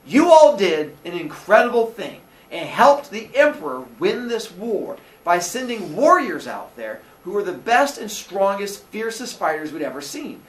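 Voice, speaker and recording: A man voicing the old storyteller Aesop, calm and coaxing as he lectures a quarrelling crowd. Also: sits high, unhurried, hardly any pauses, voice pushed up. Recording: echoey classroom, faint noise.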